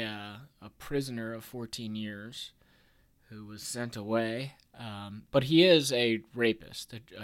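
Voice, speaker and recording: A man's voice: fairly low pitch, fairly bright tone. Podcast host, man in his 30s, rambling and wry, plenty of ums and false starts. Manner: rambling, filler-heavy, self-interrupting; wry, chuckles at his own jokes. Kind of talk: casual podcast chat.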